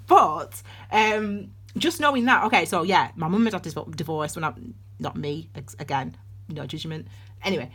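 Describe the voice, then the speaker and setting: A woman's voice: low-pitched, sharp tone, husky. A woman giving a casual tarot and astrology reading, rambling and chatty with many restarts, calling her viewers darlings. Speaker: tarot reader.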